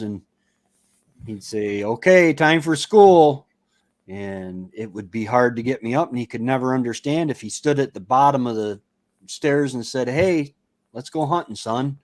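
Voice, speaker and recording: A man chatting casually as a co-host, a relaxed storyteller who laughs at his own stories. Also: mid-range voice, no echo. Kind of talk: casual chat.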